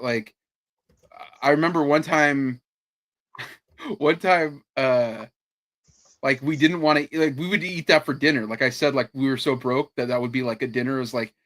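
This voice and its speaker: A man's voice: medium pitch, fairly bright tone. A man co-hosting a podcast in casual chat, telling stories with laughs and swearing. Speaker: podcast co-host.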